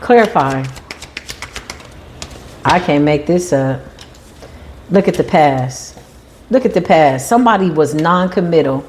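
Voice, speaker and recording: A woman with a slightly low-pitched voice talks through a tarot spread. Her delivery is animated and emphatic, and she slips into quoted voices to act people out. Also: measured pace, long pauses. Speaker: tarot reader. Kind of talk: tarot reading monologue.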